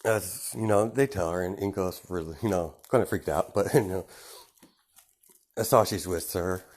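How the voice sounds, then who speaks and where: A man's voice: sits low, moderate pace, darkish tone. A man improvising a fan-fiction story aloud, rambling casually with lots of fillers.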